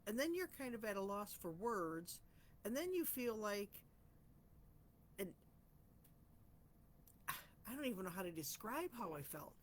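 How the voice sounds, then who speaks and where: Woman host, heartfelt and wandering, thinks aloud, mid-pitched voice, faint hiss behind. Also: big pitch swings, unhurried, pauses often. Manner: heartfelt, rambling, self-searching. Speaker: host of a reflection channel. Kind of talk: personal reflective talk.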